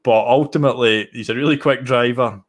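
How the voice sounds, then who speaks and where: A Scottish man talking as a guest on a podcast, casual and enthusiastic. His voice sits at an ordinary middle pitch, and he loops back over his words as he goes. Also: steady tone, fairly quick. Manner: chatty, enthusiastic, restarts phrases often. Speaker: guest sim racer. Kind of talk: casual interview chat.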